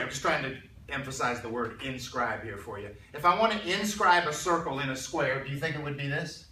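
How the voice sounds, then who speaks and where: A male math teacher lecturing a classroom in a conversational way, often clearing his throat and checking in with his students. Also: medium pitch, a little fast, hardly any pauses, bright, forceful tone, slight background noise. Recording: roomy classroom sound from a distance.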